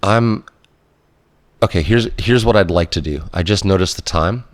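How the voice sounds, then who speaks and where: A man hosting a podcast interview, talking slowly and reflectively, gently affirming his guest. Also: low-pitched, no echo. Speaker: podcast host. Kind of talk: conversational interview.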